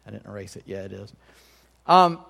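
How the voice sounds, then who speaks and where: A man's voice: on the low side, sing-song, brisk, creaky, a bit bright, in a large hall. A man pastor preaching a sermon in a conversational way, often checking in with his congregation.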